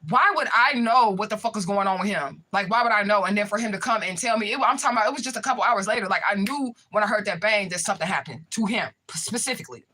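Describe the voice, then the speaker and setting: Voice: medium pitch, fast talker, few pauses. A speaker telling a personal story in a casual vlog, swearing often and slangy, constantly checking in with the listener. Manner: profane, animated, slangy storytelling. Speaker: spiritual reader telling a story.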